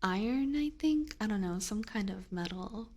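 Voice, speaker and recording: A young woman streaming ASMR on a binaural microphone, chatting in a soft whisper, rambling and giggling often. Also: medium pitch, animated, normal speed. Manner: giggly, rambling with many fillers. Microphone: binaural ear microphone.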